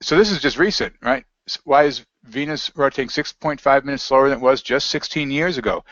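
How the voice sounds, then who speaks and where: A man's voice: medium pitch, fairly quick, a bit bright, no echo. Rambling man in dull, dry audio. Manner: rambling, reads aloud from web pages. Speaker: interview guest. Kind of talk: casual conversational interview.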